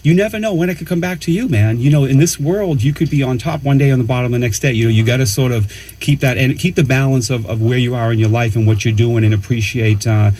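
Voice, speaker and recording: A man talking as a musician and producer guest in a casual radio interview, relaxed and chatty, often saying "man" and "you know". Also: mid-range voice, fast talker, rough recording.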